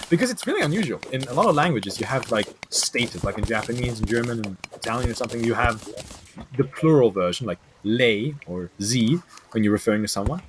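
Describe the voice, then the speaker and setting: A man's voice: medium pitch, slight background noise. A young man chatting casually while playing a game, joking and yelping. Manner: joking, excitable yelps. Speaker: gamer. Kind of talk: casual let's-play chat. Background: game music.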